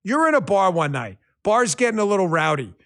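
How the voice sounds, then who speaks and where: A middle-aged man hosting a political podcast, combative and mocking, who swings from shouted insults to quiet muttered asides. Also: sits high, very animated, brisk. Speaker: podcast host. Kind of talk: political commentary.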